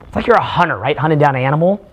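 A man leading a live workshop for a small group, talking in a profane, animated way with mock rants. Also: a little high, rapid-fire, highs cut off. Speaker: seminar speaker.

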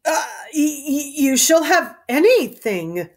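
A woman reading aloud as a mad old king, crying out, laughing and shouting in high, shrill bursts. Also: big pitch swings, slow, heavily acted. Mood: frantic. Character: mad old king, raving, weeping and wild.

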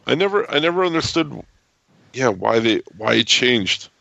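A man co-hosting a podcast in casual chat, joking and playing along. His voice is gravelly and sharp-edged, recorded dry and close. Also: mid-range voice, big pitch swings, normal speed, no echo, muffled recording. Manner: joking, plays along with bits. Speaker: podcast co-host.

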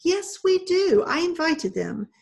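A woman's voice: fairly high pitch, sing-song, moderate pace, gravelly. Woman voicing a skinny, wild-haired old lady, thin and commanding, storybook role. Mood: insistent. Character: thin, bossy elderly woman, eager.

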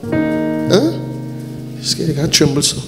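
High-voiced joking pastor in a church hall. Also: male voice, sing-song, slow pace, over music. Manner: joking, playful banter with congregation; breaks into short sung lines. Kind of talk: church service, handing out gifts.

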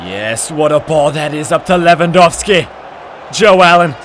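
A man giving excited, trash-talking commentary over his own football video game match, often shouting. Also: a little high, normal speed, a faint crowd, slight background noise. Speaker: gaming commentator.

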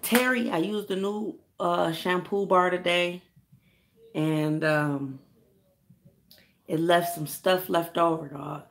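A hair care vlogger rants to her viewers in a low, slow voice with long pauses, frustrated and swearing a lot. She calls out to friends by name in this casual vlog.

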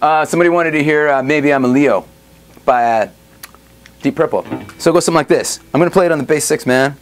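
A man's voice: a little high, fast. A middle-aged man hosting a guitar demo, chatting casually in a loose, joking way with rambling asides and laughter. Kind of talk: casual chat demonstrating a guitar.

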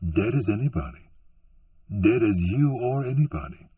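A man voicing a sardonic, mysterious stranger dressed in black who talks low and softly. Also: very animated, moderate pace, breathy edge, no room sound, far from the mic. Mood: menacing. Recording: muffled, dry, from off-mic.

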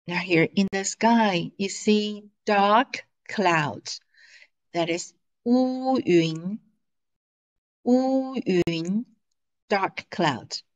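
A woman teaches at a very slow, drawn-out pace. She says each word again and again for her students. Her pitch sits in a middle range. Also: highs cut off. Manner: drawn-out, repeating words for students. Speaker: language teacher. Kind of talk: slow, patient classroom teaching.

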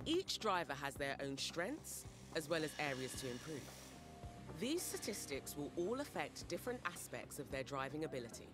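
An actor voicing a calm, instructive tutorial guide in a racing game, over music. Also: mid-range voice, normal speed, natural voice. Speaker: in-game narrator.

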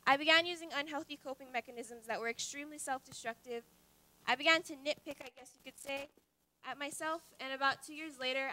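A woman's voice: sits high, pushed and bright. A teenage girl giving an earnest, confiding talk on stage, with wry asides. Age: teens. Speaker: student speaker. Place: stage at a youth talk event.

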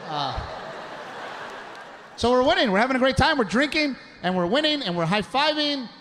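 A high-voiced man performs an animated stand-up comedy routine on a comedy stage before a live audience, speaking fairly quickly. He tells stories, acts out voices, and shouts his punchlines. The live recording carries loud audience noise and laughter.

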